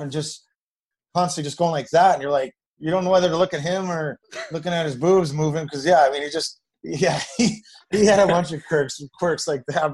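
Rambling former hockey player telling stories. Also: male voice, a little high, rough recording. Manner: rambling, animated when quoting others. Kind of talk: casual storytelling.

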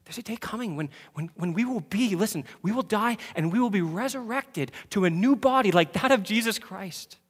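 A man preaches with fervor, his voice sitting high for a man. He drops into hushed asides, then builds to passionate peaks. The sound carries the long reverb of a big hall. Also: lively intonation, normal speed, few pauses, breathy edge. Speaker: pastor. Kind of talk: sermon. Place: church sanctuary.

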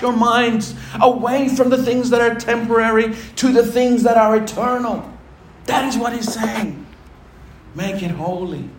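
Emphatic high-voiced preacher in echoey hall. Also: male voice, measured pace. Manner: emphatic, rhetorical questions to the congregation. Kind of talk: sermon. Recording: echoey room with faint ambient noise.

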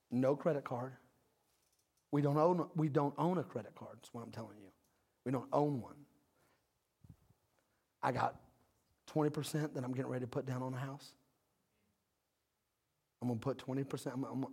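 A pastor in his thirties preaching a lively sermon, calling out to the congregation. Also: fairly high pitch, breathy edge. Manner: animated preaching with call-outs.

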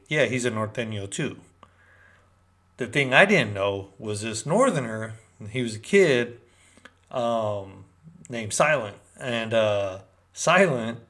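Man, from Northern California, casual storytelling, street slang, rambling delivery, average pitch. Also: fairly bright tone. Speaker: storyteller recounting prison life.

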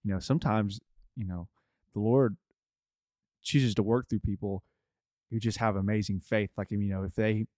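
A man on a podcast talks casually, feeling his way through a thought with many stops and fillers. His voice sits somewhat low and is recorded close and dry. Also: steady tone, normal speed, long pauses, darkish tone, no echo. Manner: hesitant, many fillers and restarts. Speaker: podcast co-host. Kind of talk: casual chat.

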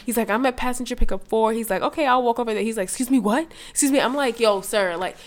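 A young woman from the New York area tells a story in casual chat, animated and profane, acting out the people she quotes. Her voice runs on the high side and her pace is quick.

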